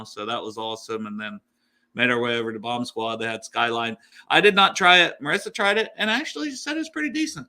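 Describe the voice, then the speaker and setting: A man's voice: mid-range voice, lively intonation, brisk, bright, forceful tone. A man co-hosting a casual sports podcast, telling rambling game-day stories with lots of fillers. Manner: rambling storyteller, many fillers and laughs. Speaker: podcast co-host.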